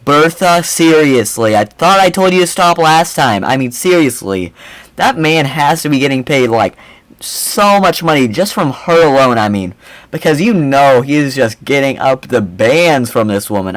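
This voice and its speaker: A young man hosting a reaction video, mocking the clip in a rambling, animated way. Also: mid-range voice, dry recording, poor audio. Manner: mocking, animated, rambling with repeated "I mean, seriously". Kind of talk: casual reaction commentary.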